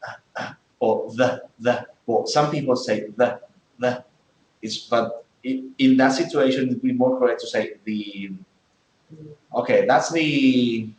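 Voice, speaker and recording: A man's voice: medium pitch, unhurried, a little mellow, roomy sound, rough recording. A man teaching English in a classroom, explaining things step by step and checking in with many okays. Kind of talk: classroom lesson.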